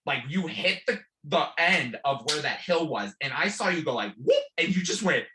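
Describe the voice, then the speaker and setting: A young man co-hosting a channel, chatting casually in an animated, dramatic way, with big vocal jumps when he quotes himself. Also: fairly high pitch, normal speed, a little hiss or hum. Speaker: channel co-host. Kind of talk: casual storytelling chat.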